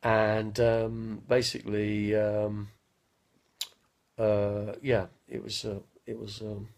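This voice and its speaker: A man in his fifties telling rambling stories on a live stream, speaking slowly with a slight stutter and often losing his train of thought. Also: fairly low pitch, completely flat delivery, a little mellow. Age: 50s. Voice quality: gravelly, husky. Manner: slow, halting, loses his train of thought. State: mild stutter after head injury. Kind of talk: rambling casual storytelling.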